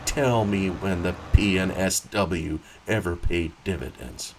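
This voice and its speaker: A man's voice: low voice, unhurried, a little hiss or hum. A man reading aloud, voicing an angry, outspoken man who argues heatedly about railroad rates. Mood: indignant. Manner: heated, emphatic.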